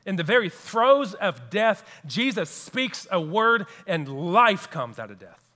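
A man's voice: sits high, sing-song, a little slow, bright, forceful tone, long reverb tail. A man preaching a sermon as pastor, earnest and repeating key phrases for emphasis.

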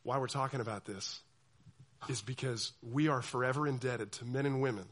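A young man preaching a sermon to a youth group, animated and acting out the voices of people he quotes. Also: medium pitch, normal speed. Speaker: youth pastor.

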